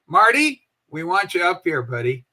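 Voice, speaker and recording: A woman's voice: on the low side, moderate pace, bright, forceful tone. A woman in her seventies hosting a livestream show, chatting in a rambling, folksy way and swearing casually.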